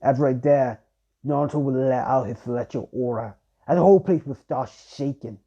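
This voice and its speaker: A man's voice: medium pitch, moderate pace, dark tone. A young man improvising fan-fiction narration in a rambling way, full of fillers and restarts, on a dull lo-fi recording. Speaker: fan storyteller.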